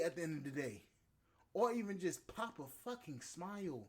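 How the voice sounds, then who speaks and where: A man's voice: a little high, sing-song, moderate pace. A man hosting a podcast, ranting in a heated, profane, rambling monologue. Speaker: podcast host. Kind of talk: casual podcast rant.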